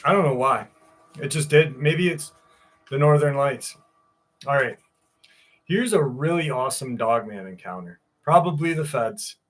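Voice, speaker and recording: A man's voice: medium pitch, animated, measured pace, pauses often. A man hosting a live stream, chatting casually and reading a listener's story aloud. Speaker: host.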